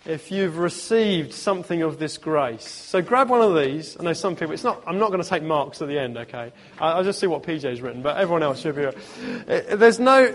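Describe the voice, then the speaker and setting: Man preaching with emphatic repetition. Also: high-pitched. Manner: lively storytelling with emphatic repetition and humor. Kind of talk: sermon.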